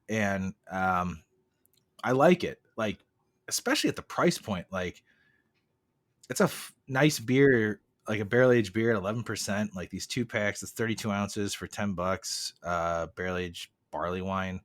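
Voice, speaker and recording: A man with a lowish voice chats casually on a beer podcast, rambling and joking, and he often restarts his sentences. The sound is very dry, with no room to it. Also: measured pace, no room sound. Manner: rambling, jokey, many fillers and restarts. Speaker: podcast co-host. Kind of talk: casual chat.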